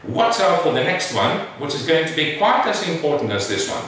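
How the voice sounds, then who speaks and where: A man teaching an English pronunciation lesson, modeling words slowly and emphatically. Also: on the high side, big pitch swings, a bit bright, recorded from a distance, a little hiss or hum. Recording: echoey room, voice off-mic.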